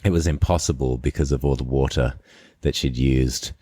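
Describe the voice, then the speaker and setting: Very deep-voiced man telling a tale. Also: moderate pace, no echo. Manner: retells a fairy tale in relaxed, loose phrasing. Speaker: podcast host. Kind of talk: conversational storytelling and commentary.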